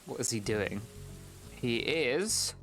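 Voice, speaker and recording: A man's voice: medium pitch, animated, slow pace, a bit bright, faint music behind. Swearing man streaming a game. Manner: exasperated, swears at the game's characters, laughs often. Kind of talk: casual live gameplay commentary.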